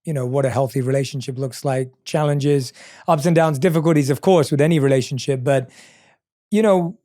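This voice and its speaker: A man hosting a podcast, asking thoughtful questions in a gentle, halting way. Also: mid-range voice, dry recording, clean studio sound. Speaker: podcast host. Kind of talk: reflective interview questions.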